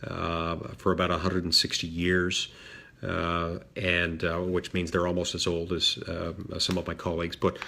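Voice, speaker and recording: Low-voiced man telling a dry story. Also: completely flat delivery, moderate pace, vocal fry, pushed and bright. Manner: dry self-deprecating humor with frequent fillers. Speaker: senator. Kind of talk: storytelling talk.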